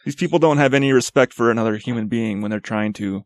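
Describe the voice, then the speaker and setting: A man co-hosts a casual podcast chat, blunt and animated, swearing freely. He talks quickly. The sound is dry and close. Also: mid-range voice, dry recording. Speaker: podcast co-host.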